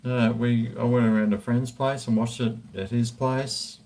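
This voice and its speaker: A man's voice: medium pitch, little pitch movement, moderate pace, darkish tone. A man, rambling and swearing freely in casual chat while drinking. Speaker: vlogger.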